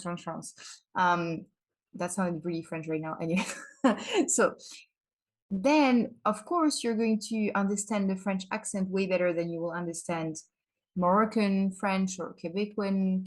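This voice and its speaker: A woman's voice: mid-range voice, a little mellow. A young woman hosting a language-learning vlog, talking casually and opinionatedly to camera and often checking in with "right?" and "you know". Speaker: language-learning video host.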